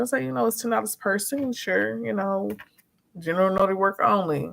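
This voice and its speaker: A woman chatting casually as a vlogger, frank and animated, acting out quotes as she tells her story. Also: medium pitch, brisk, gravelly. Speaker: notary and vlogger.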